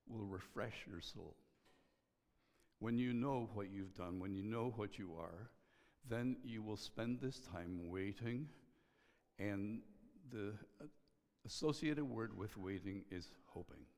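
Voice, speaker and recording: A middle-aged male pastor delivers a sermon in a fairly low, earnest voice. He speaks in measured phrases and lets key lines fall almost to a hush. A long reverb trails after him through a large hall.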